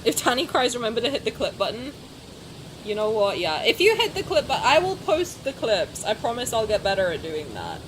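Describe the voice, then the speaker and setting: A woman's voice: a little high, fairly quick. Young woman streamer, chatty and sweary, voice bounces up and down a lot, bit of hiss. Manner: expressive, swears, jokey. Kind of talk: casual gameplay commentary.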